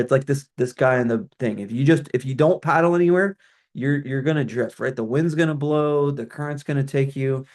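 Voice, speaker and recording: A man's voice: mid-range voice, a little mellow. Conversational middle-aged man, former pastor. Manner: conversational, many restarts and fillers. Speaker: ministry consultant, former pastor. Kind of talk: presentation on a call.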